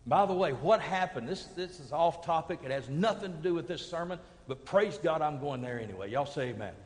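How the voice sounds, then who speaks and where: High-voiced preacher in a reverberant church. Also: male voice, a little fast. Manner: animated preaching, swinging from hushed to booming. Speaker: pastor. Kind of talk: sermon. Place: church sanctuary. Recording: long hall reverb from a sanctuary.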